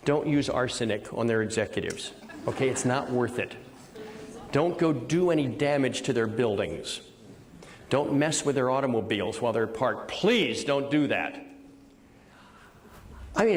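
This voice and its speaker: An older man on stage delivering a motivational keynote at a middle pitch. He tells stories with energy and drives his points home through repeated words. His delivery stays lively and direct. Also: big-room sound. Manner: energetic storyteller with punchy repetition. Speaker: motivational speaker. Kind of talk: keynote speech.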